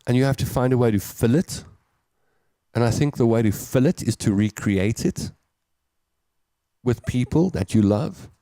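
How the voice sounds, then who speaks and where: Chatty South African male host, mellow voice. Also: medium pitch, normal speed, pauses often, no room sound, clean studio sound. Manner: chatty, jokey, reads comments aloud and riffs on them. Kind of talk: casual chat reading viewer comments.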